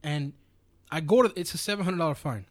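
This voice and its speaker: This New York podcast co-host talks fast and a bit high in casual chat, spinning animated stories and swearing freely. The mic sound is close and dry, with no room sound at all.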